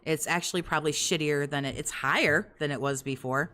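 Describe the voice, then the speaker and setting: Low-voiced woman heckling sarcastically. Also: a little fast, fairly bright tone. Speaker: commentary host. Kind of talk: casual mocking commentary over stream clips.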